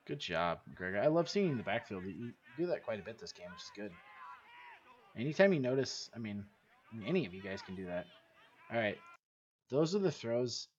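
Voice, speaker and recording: A man's voice: on the low side, very animated, moderate pace, a little hiss or hum. A man coaching his team through game footage, talking bluntly and casually, repeating himself and swearing now and then. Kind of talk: casual game film breakdown. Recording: dull lo-fi recording.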